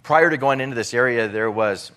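A man's voice: mid-range voice, a little fast, bright, forceful tone. A middle-aged man telling an emotional personal testimony about relief work, with many restarts and acted-out dialogue.

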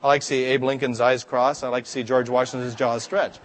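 A man's voice: medium pitch, a little fast, a little hiss or hum. A man preaching a sermon, telling stories and acting out the voices of the people in them. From Scotland. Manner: animated, acts out voices in stories. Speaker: pastor. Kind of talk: sermon with storytelling.

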